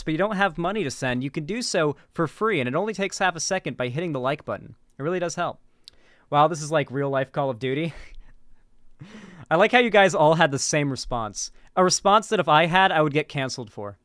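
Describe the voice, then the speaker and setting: A man's voice: fairly high pitch, a bit bright, clean tone, no echo, clean studio sound. Rambling male livestream commentator. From Florida, US. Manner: rambling, full of "like" and restarts, talks to chat.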